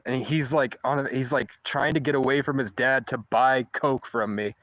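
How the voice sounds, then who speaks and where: A man's voice: mid-range voice, brisk, hardly any pauses, fairly bright tone, no echo, low-quality recording. Rambling young man telling his story. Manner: rambling, profane, restarts mid-sentence. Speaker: vlogger. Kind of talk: casual storytelling monologue.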